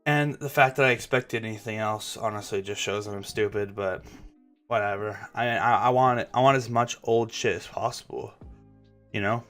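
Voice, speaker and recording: Speaking on the low side with a fairly bright tone, a young man hosts a gaming channel. His chat is rambling and casual, full of swearing, and he often stumbles and starts his sentences over.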